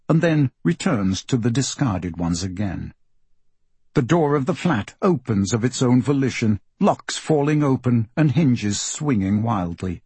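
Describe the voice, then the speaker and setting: A man narrating a literary novel in a measured, even storytelling manner, close to the mic. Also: mid-range voice, breathy edge, dry recording. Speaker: audiobook narrator.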